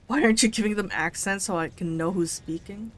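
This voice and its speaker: A woman's voice: mid-range voice, a little fast. A woman streaming a game, chatting casually, swearing freely and reading menu text aloud as she reacts. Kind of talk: casual gameplay commentary.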